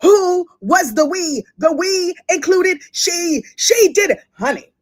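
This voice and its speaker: A woman's voice: very high-pitched, animated, slow, no room sound. A woman giving a sassy, gossipy commentary on a trial, talking straight to her viewers. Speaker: true crime commentator.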